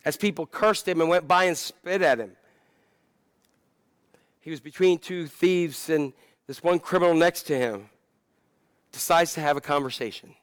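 A male pastor delivering a sermon with a smooth, resonant voice pitched a little high for a man. He talks conversationally and pokes fun at himself, then presses hard on key points. The sound is close and dry. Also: moderate pace, long pauses, no echo. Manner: conversational, self-deprecating, building to impassioned.

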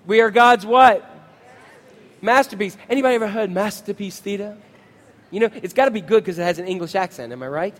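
A middle-aged man, a pastor, preaching a sermon and asking the congregation questions in an animated way. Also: sits high, long reverb tail.

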